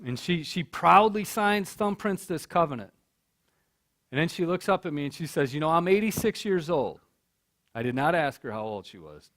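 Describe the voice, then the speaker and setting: A middle-aged man tells a story from a college stage in a somewhat high voice. He speaks earnestly and often repeats his words when the moment gets to him. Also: animated, normal speed, fairly bright tone. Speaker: keynote speaker. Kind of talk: storytelling speech. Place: college hall.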